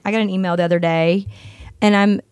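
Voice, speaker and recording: A woman's voice: medium pitch, fairly even intonation, quick pace, a little mellow, smooth, no room sound. A blunt, outspoken middle-aged woman hosting a casual talk show, chatting with her co-host. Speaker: podcast host. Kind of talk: casual chat.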